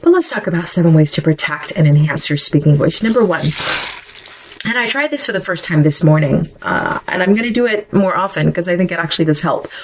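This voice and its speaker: A middle-aged woman with a notably low voice hosts a solo podcast episode. She talks casually and conversationally, and often drifts off on side remarks before returning to her point. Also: lively intonation, a little fast, slight background noise, rough recording. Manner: conversational, chatty with digressions. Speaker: podcast host.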